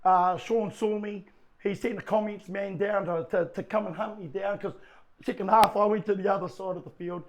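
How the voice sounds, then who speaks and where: A man's voice: high voice, normal speed, crowd noise. A New Zealand man, a podcast guest, telling stories in casual chat with frequent laughter. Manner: animated storyteller, laughs often.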